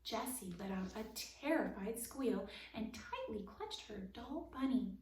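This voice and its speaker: Lady reading a kids storybook, soft whispery asides, kinda far from the mic, echoey. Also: on the high side, animated, a little slow. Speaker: storytime reader. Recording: roomy, distant, faint hiss.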